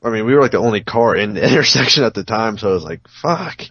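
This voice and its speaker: A man's voice: on the low side, very fast, fairly bright tone, husky, dry recording, dull audio. A man on a casual podcast who tells a rambling story and swears often. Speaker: podcast co-host. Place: home on an online call.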